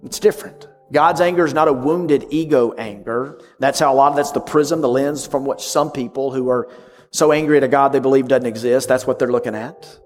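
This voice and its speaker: A man preaching a sermon, swinging from loud emphatic lines to hushed whispers. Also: medium pitch, a little fast, in a large hall, soft background music. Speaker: pastor.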